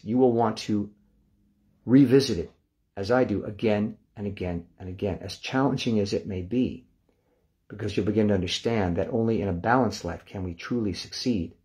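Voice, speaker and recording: Here a meditation instructor, an older man with a fairly low voice, takes listeners through guided relaxation. His delivery is calm and slow, with soft countdowns that melt into hushed releases.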